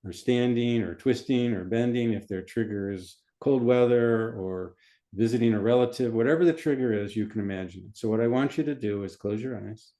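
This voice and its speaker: A man, a physician, explaining his methods in an interview in a calm, methodical way, often repeating phrases. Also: mid-range voice, brisk.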